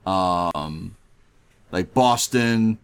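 A man's voice: sits low, drawn-out words, clear, resonant tone. A man from near Chicago, a guest in a casual podcast chat who rambles and leans on filler words. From Midwest US, near Chicago.

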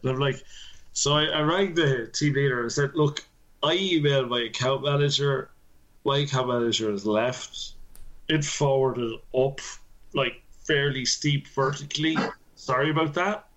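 Profane laughing network engineer. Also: male voice, medium pitch, fairly bright tone. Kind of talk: casual chat.

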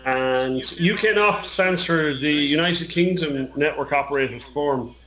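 A man's voice: fairly high pitch, a little slow, a bit bright, low-quality recording. A man from Ireland with an Irish accent, chatting casually on a podcast, rambling and joking with frequent restarts. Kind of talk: casual chat.

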